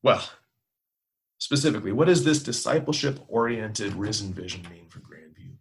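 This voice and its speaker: A man's voice: lowish voice, lively intonation, moderate pace, gravelly. A man, a pastor, preaching a sermon with emphatic, repetitive exhortations.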